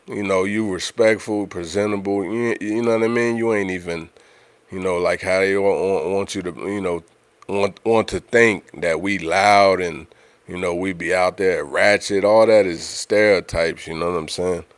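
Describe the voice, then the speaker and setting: Deep-voiced man talking casually on a livestream. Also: fairly even intonation, normal speed, clear, resonant tone, dry recording. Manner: conversational, repeats himself, frequent "you know what I'm saying". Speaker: livestream host.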